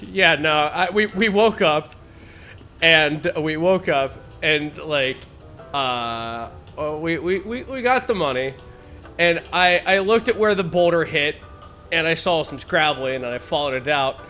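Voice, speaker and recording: A man's voice: fairly high pitch, unhurried, pushed and bright, soft background music. A man streaming a game, telling a long story in a rambling, casual way and laughing at his own jokes. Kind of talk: casual storytelling while gaming. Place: home streaming setup.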